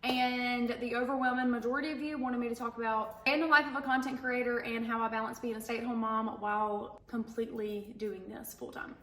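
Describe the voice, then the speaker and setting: Young mom vlogger, candid q and a, bit high voice, room echo. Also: female voice, steady tone, sharp tone. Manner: chatty, candid, quick-talking. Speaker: content creator and stay-at-home mom. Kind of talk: casual Q and A talk to camera.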